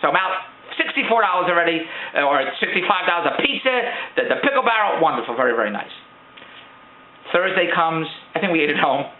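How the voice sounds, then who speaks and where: A middle-aged man grumbles through a joking, rambling complaint in a casual vlog. His voice sits high and his words tumble out quickly. It sounds tinny, like a phone line, in an echoey room. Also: very animated. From Philadelphia. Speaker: vlogger. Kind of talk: casual storytelling rant.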